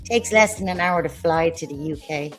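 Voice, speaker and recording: A woman's voice: sits low, normal speed, soft background music. A woman ranting on a livestream in a combative, sarcastic way, swearing as she talks. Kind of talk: heated livestream rant.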